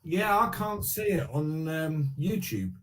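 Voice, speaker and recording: A man's voice: a little high, animated, slow pace. An English man joining a livestream as a guest, chatting in an easygoing way and laughing often. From England. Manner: laughs easily, easygoing, repeats himself. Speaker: stream guest. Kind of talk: casual livestream chat.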